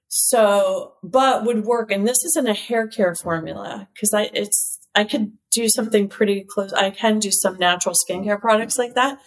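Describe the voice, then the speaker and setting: A woman who is a company CEO and cosmetic chemist, telling stories as an interview guest in a lively way, laughing often and using lots of "like.". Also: mid-range voice. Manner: lively storyteller, laughs often, many "like" fillers. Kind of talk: casual chat, telling stories.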